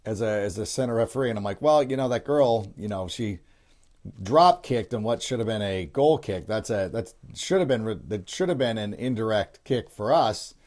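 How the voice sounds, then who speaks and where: With a fairly low, darkish voice at a moderate pace, a middle-aged man hosts a sports podcast, rambling casually with frequent restarts and fillers.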